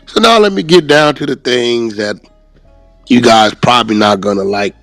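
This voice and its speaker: A man hosting a reaction show stops the clip to argue his point, blunt and profane. His voice is mid-pitched and sounds close and dry, with faint music behind. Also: moderate pace, vocal fry, fairly bright tone, dry recording. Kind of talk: confrontational commentary.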